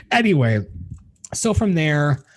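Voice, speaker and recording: Dude podcasting a movie rant, husky voice, swears nonstop, pitch all over the place. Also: male voice. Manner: profane, excitable, laughs often, rambling with many fillers. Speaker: podcast host. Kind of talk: casual movie review rant.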